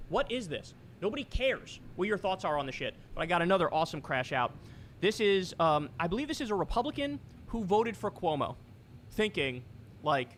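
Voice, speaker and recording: A man from New York ranting in a reaction stream, swearing and mocking, his voice pitched fairly high. He talks heatedly and sarcastically. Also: animated, brisk, a bit bright, a little hiss or hum. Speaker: political commentary streamer. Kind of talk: reaction commentary.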